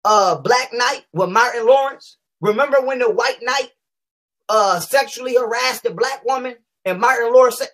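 A woman's voice: a little high, fairly bright tone. Fiery, profane woman ranting at rivals. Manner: combative, profane, repeats phrases for emphasis; reads definitions aloud slowly. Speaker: online commentator. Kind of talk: heated vlog rant.

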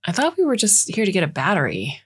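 A woman's voice: mid-range voice, huge pitch swings, fast, slightly rough, pitched above the performer's own voice. A woman voicing a wary, exasperated young adult son who talks bluntly and asks questions.

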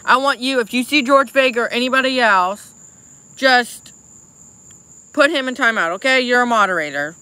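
A woman streaming live, angrily venting to her chat and apologizing over and over while clearly upset. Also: a little high, lively intonation, moderate pace, pushed and bright, no echo. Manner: angry venting, repeated apologies. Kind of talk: casual livestream chat.

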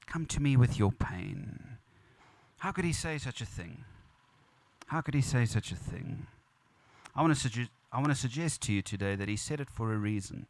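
A man's voice: mid-range voice, expressive, brisk, no room sound. A man preaching at a funeral as pastor, earnest and repetitive, building emphasis. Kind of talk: funeral sermon. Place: church or funeral venue.

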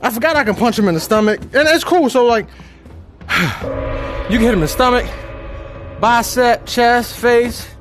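Playing a VR fighting game, a man gives live commentary, trash-talking his opponent, whooping loudly, and tossing chatty asides to viewers. His very high-pitched voice runs a little slow with frequent pauses, and music plays in the background.

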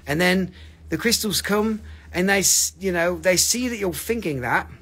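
Hosting a livestream crystal sale, this man talks at a normal speed in a high, slightly bright voice. He jokes playfully and chats with viewers while showing off each piece.

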